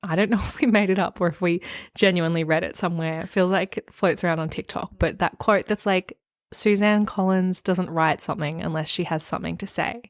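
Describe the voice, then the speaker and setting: A woman co-hosts a casual book podcast, emotional and effusive and quick to laugh. Her voice is a touch low for a woman. The recording is dry and close. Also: steady tone, no echo. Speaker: podcast co-host.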